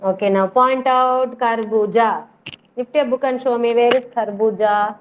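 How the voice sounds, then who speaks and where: Brief: female kindergarten teacher, Indian English accent, slow and encouraging, higher voice, lo-fi noisy call audio. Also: steady tone. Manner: patient, encouraging, repeats words slowly for children. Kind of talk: online class teaching. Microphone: video call.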